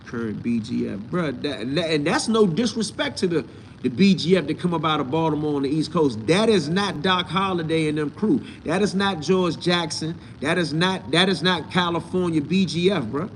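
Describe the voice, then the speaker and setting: A man runs a casual live talk on his own channel, firing back at the chat in blunt, profane bursts and mocking the people who comment. His voice sits a little high for a man. A faint hum of noise runs underneath him. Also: animated, normal speed. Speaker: host answering live chat.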